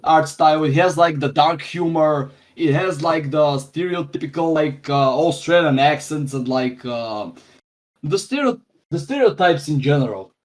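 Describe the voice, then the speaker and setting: Brief: young guest, rambling with many fillers and a slightly raised pitch. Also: male voice, normal speed. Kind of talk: casual podcast chat.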